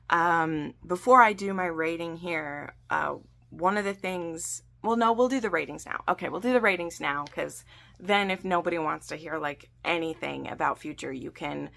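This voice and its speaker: A woman's voice: lowish voice, creaky, a bit bright. A woman recapping a TV episode in a casual, gushing vlog chat, full of ums and asides. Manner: gushing, chatty, many fillers. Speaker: book and TV series recap vlogger.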